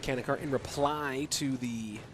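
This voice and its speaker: A man's voice: mid-range voice, steady tone, unhurried, noisy background. A man streaming from home, commentating an esports match live and stopping to answer chat questions in a loose, rambling way.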